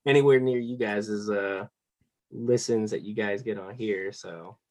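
A man speaking as a guest on a comedy podcast, hesitant and dryly putting himself down. He talks very slowly, and the sound is dry and close. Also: on the low side, darkish tone, dry recording. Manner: self-deprecating, hesitant, dry. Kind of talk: casual chat.

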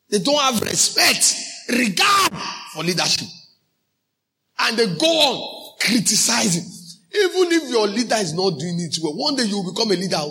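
A male pastor with a Nigerian accent preaching a sermon, slipping into pidgin phrases and breaking into shouted emphasis. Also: high voice.

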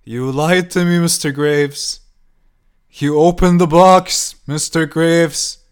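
A man's voice: medium pitch, fairly even intonation, gravelly, darkish tone, close to an everyday voice. Man putting on a cruel old woman. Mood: screaming. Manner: mock-sweet, then slow and screaming.

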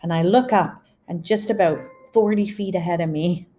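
A woman's voice: on the low side, moderate pace, dark tone. Chatty middle-aged woman telling stories. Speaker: podcast host. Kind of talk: casual storytelling.

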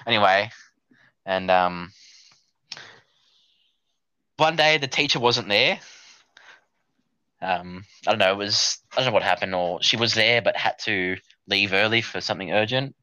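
A man's voice: lowish voice, unhurried, long pauses, sharp tone, clear, resonant tone, no echo. A young man telling a rambling, sweary story in casual chat, acting out his younger self. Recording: dull lo-fi dry sound.

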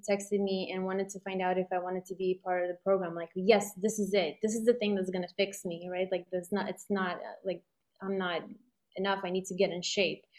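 A woman's voice: on the low side, flat delivery, a little fast, a little mellow. A middle-aged woman in casual conversation, telling a personal story in a rambling, reflective way with many fillers. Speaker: guest sharing a personal story.

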